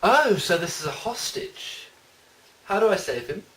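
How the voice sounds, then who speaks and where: A man's voice: high voice, big pitch swings, unhurried, a bit bright, far from the mic, heavily acted, rough recording. A man voicing a smug, aloof detective in a fan parody, dry and sarcastic. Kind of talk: fan parody audio drama.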